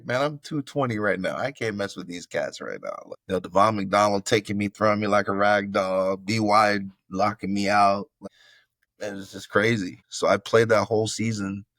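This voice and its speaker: A man's voice: fairly low pitch, a bit bright, dry recording. A middle-aged man from Florida, a former football player, telling a story in a casual interview over a video call. He acts out quoted lines and often calls the host bro.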